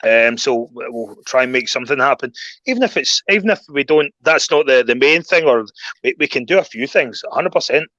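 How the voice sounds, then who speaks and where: A Scottish man telling stories in a casual chat, getting animated and raising his voice when he rants. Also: medium pitch, a little fast, no echo, lo-fi sound. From Scotland. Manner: animated storyteller, voice jumps up when ranting. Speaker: guest.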